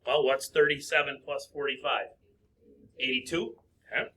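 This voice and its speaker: A man's voice: mid-range voice, fairly even intonation, normal speed, pushed and bright, a little hiss or hum. A man teaching a recorded math lesson, working through problems step by step and asking himself questions aloud before answering them.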